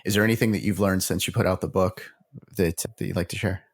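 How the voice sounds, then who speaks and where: A man hosting a podcast interview, asking questions in halting, searching phrases. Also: low voice, steady tone, gravelly. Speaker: podcast host.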